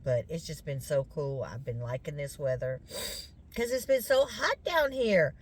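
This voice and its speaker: A woman's voice: low-pitched, lively intonation, a little slow, slight background noise. A middle-aged woman with a Southern US accent, chatting casually to her viewers as y'all, her voice a bit congested from sinus drainage. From Louisiana, US. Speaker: vlogger.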